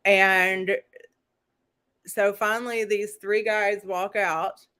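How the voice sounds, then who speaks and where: A woman's voice: medium pitch, flat delivery, takes it slowly, sharp tone, smooth. Female host, casual live-stream recap, chatty and rambling, laughing asides.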